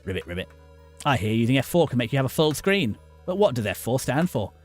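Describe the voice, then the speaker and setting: A man voicing a small, lonely frog monster in a game, in a low, glum way. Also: big pitch swings, fast talker, a little mellow, soft background music.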